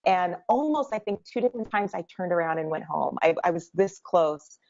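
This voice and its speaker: Female guest, 30s, low voice, animated storyteller, muffled lo-fi audio. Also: vocal fry. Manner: animated, quick storytelling with laughs. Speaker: guest entrepreneur. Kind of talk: interview storytelling. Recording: dull lo-fi sound.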